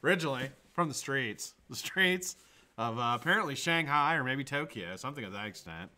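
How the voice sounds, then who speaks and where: A man's voice: medium pitch, animated, a little fast, pushed and bright. A man hosting his daily live vaping show from home, chatting casually, joking and swearing as he rambles. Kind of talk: casual live-stream chat. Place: home room with green screen.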